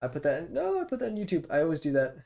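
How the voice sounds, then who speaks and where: A man's voice: on the high side, huge pitch swings, rapid-fire, vocal fry, a little mellow. A young man streaming live as he draws, chatting casually with lots of fillers and muttering to himself as he sketches. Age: young adult. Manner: rambling, many fillers, muttering while sketching. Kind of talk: casual chat while drawing.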